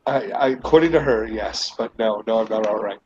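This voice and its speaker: A man's voice: lowish voice, fairly quick, a little mellow. A man co-hosting a casual online show, getting over a cold, talking in a rambling, candid way and swearing freely. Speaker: co-host. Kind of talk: casual chat. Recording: dull lo-fi home mic with faint noise.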